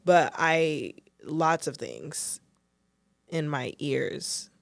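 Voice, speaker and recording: A woman's voice: deep voice, big pitch swings, drawn-out words, creaky, no room sound. A woman co-hosting a podcast, speaking frankly in giggly casual chat full of "like" fillers. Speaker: podcast co-host.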